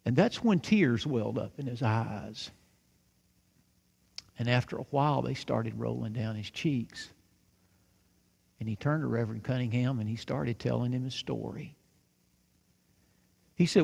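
A man preaching a sermon, telling a story with lively acted-out dialogue and hushed moments. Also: medium pitch, measured pace, creaky, pauses often, breathy edge. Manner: animated, acts out dialogue, drops to hushed tones. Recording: long reverb of a large hall.

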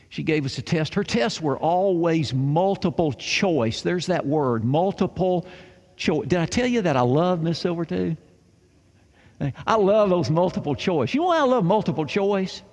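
A man's voice: on the high side, vocal fry, a little mellow. A man telling a childhood story to a live audience, folksy and fond of repeating key phrases. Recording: reverberant hall sound.

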